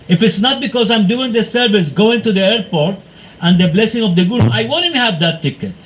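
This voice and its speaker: A man's voice: high-pitched, fairly quick. Man telling devotional stories. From Venezuela. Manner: animated storytelling, acting out quoted exchanges. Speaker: devotee speaker. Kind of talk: devotional talk with anecdotes. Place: temple hall. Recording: muffled, with faint background noise.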